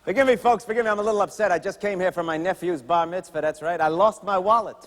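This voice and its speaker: An actor playing a wisecracking old-time vaudeville comedian in a stage musical, hammy and full of silly noises. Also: male voice, sits high, fast talker, fairly bright tone. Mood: joking. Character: brash old-time male vaudeville stand-up comic. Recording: stage recording with long hall reverb.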